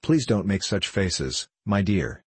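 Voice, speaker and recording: A man's voice: low-pitched, very animated, takes it slowly, husky, no room sound, exaggerated voice. A man reading the lines of a curious, polite young girl in a storybook, in his own voice.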